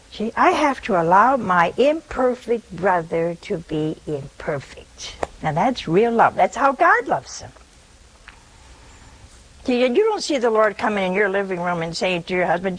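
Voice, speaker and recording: A nun giving a spiritual talk in a conversational, gently teasing way, often checking in with her listeners with rhetorical questions. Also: mid-range voice, breathy edge, rough recording.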